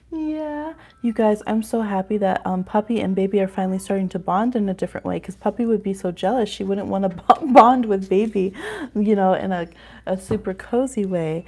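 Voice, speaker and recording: A woman's voice: mid-range voice, normal speed, dark tone. A woman hosting a live astrology reading stream, chatting casually and rambling with frequent laughter.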